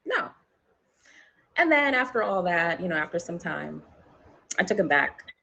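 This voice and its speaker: Husky, gravelly woman telling a story. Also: fairly low pitch, measured pace, poor audio. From New York. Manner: animated, acts out quotes in a raised voice, swears freely. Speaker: interview guest. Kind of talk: candid storytelling in an interview.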